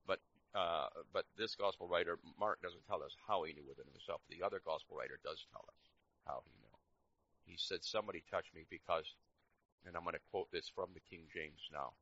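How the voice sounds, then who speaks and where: A middle-aged man preaching a sermon, swinging between loud emphatic lines and quiet asides. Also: sits low, slightly rough. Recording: dull lo-fi recording.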